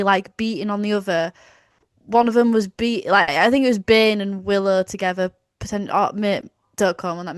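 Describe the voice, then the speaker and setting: A woman's voice: mid-range voice, no room sound, clean studio sound. A woman co-hosting a podcast, reviewing bluntly and casually, swearing freely. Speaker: podcast co-host.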